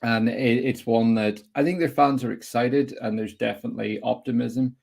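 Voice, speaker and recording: A young man hosting a casual football podcast, chatty and opinionated, putting quick-fire questions to his guest. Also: mid-range voice, steady tone, vocal fry, darkish tone. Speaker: host.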